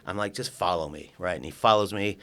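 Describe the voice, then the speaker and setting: Speaking low and fairly quickly, an older California man shares a story on a podcast as a guest. He's casual and animated, acts out the characters' dialogue, and swears now and then.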